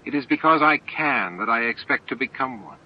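A man voicing a calm, composed woman of firm resolve in a homemade audiobook, speaking evenly and plainly. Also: mid-range voice, muffled recording, voice pushed up, close to an everyday voice. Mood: earnest. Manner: even, measured, plain-spoken.

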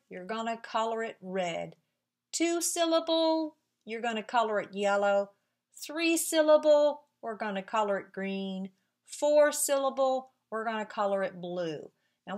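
A middle-aged woman teaching young children remotely, slow and sing-song, drawing out words as she claps syllables. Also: on the high side.

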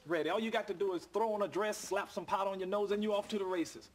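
A man's voice: sits high, fairly even intonation, fast, lightly acted. Man playing a bossy, wheedling store manager. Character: bossy but needy male store manager. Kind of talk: sitcom acting.

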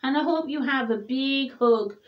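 A woman reading a children's picture book aloud in a gentle, expressive storybook voice. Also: high voice, moderate pace, highs cut off.

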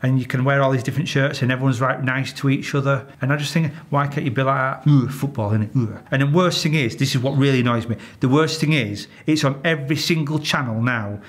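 In a candid interview, a retired police officer from Yorkshire tells his stories bluntly and with exasperation, swearing without restraint. His voice sits mid-range with fairly even intonation, and he talks quickly with hardly any pauses.

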